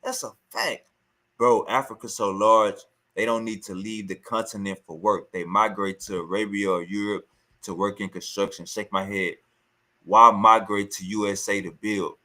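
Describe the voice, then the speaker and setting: Bright-voiced man ranting scornfully. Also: fairly low pitch, steady tone, moderate pace. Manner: heated, scornful, repetitive ranting. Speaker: commentator reacting to a clip. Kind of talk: casual reaction commentary.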